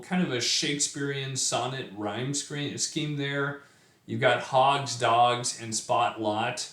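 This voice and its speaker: A man talks slowly through a poem in a casual lesson, stopping often with fillers and restarting his sentences. His voice sits at a middle pitch. The recording has a roomy echo around it. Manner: relaxed, thinking aloud with fillers and restarts. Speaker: poetry teacher. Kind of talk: informal poetry lecture.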